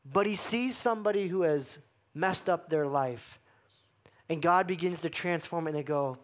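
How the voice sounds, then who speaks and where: A man pastor preaching a sermon, acting out the voices he quotes and dropping to hushed emphasis. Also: on the high side, normal speed.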